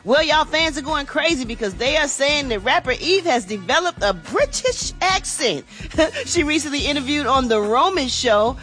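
A woman's voice: sits high, expressive, normal speed, fairly bright tone, soft background music. Woman, radio morning show entertainment host, casual chatty delivery. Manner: chatty, casual, addresses listeners as y'all.

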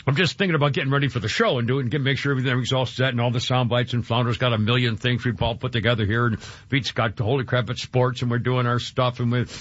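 A man's voice: medium pitch, steady tone, fast talker, few pauses, fairly bright tone, no echo. A man hosting a radio talk show, rambling and choked up. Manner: emotional, rambling with many restarts. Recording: dull lo-fi broadcast with faint music.

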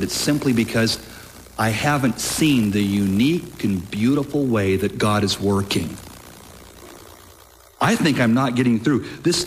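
A man preaching a sermon with emphatic, deliberate delivery, lifting his voice on key phrases. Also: mid-range voice, a little hiss or hum. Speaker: pastor.

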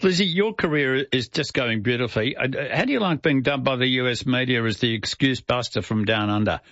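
A man's voice: medium pitch, a little fast, a bit bright, no room sound, highs cut off. A man hosting a weekend radio show, chatty and upbeat, with frequent hesitant fillers. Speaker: radio host. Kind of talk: radio interview.

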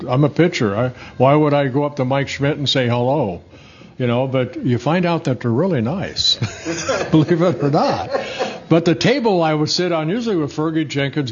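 A man in his sixties, a former pitcher and broadcaster, telling long rambling stories in a casual interview, full of restarts and chuckles. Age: 60s. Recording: slightly dull, muffled audio.

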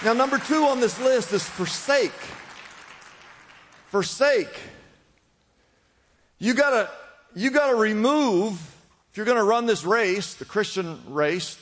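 A man with a high voice preaches a sermon to his congregation. He calls out for responses and swings between forceful emphasis and hushed drops. His voice rings with the long reverb of a large church hall. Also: animated, a little slow, pauses often, some chatter behind. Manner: preaching with call-and-response, rising and dropping emphasis. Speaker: pastor.

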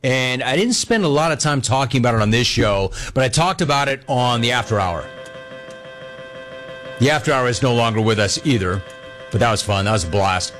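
A man hosts a sports talk show, riffing casually and throwing himself into a story. His pitch swings widely as he slips into the voices of other people, and faint music plays under him. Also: animated, a bit bright. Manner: fast talking, acts out other people's voices in quotes. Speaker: sports talk radio host. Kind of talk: animated casual storytelling monologue.

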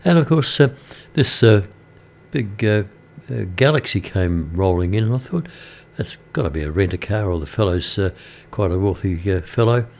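An older man with an Australian accent chats on air from a small radio studio, drifting through a story with plenty of halting fillers and restarts. His voice sits somewhat low for a man, and the talk is easygoing and unscripted. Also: animated, vocal fry, darkish tone. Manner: rambling, halting with many fillers. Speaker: radio presenter. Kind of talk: casual radio chat between songs.

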